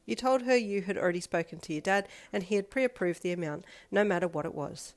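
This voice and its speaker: A woman reading a second-person fanfiction story aloud in a steady, even manner. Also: on the low side, fast, hardly any pauses. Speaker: fanfiction reader. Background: faint backing music.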